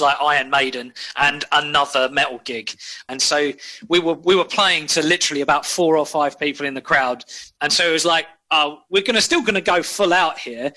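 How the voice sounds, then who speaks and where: A man, a band member telling animated, rambling stories with frequent laughs in a casual interview. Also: a little high.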